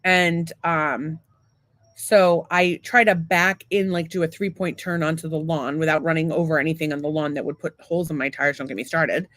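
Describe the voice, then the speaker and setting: A woman's voice: sits low, fairly even intonation, moderate pace, a bit bright, no room sound. Profane rambling woman storyteller. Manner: profane, rambling, self-mocking. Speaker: podcast co-host. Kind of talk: casual storytelling.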